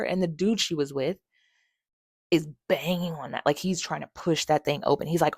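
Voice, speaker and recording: A woman's voice: low-pitched, steady tone, normal speed, darkish tone, breathy edge, dry recording. A young woman hosting a podcast, frankly and emotionally retelling a hard personal story with plenty of swearing. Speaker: podcast host.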